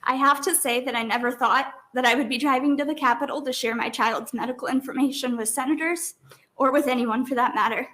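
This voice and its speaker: A woman's voice: high-pitched, fairly even intonation, a little fast, a bit bright. A mother giving emotional public testimony at a hearing, apologetic and fighting back tears. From Nebraska. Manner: tearful, apologetic, breaking up at times.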